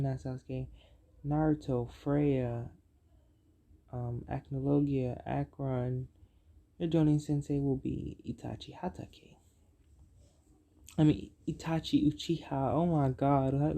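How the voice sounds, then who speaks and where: Halting, dark-voiced storyteller. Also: medium pitch, vocal fry. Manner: halting, many fillers and self-corrections. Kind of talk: improvised fan-fiction storytelling.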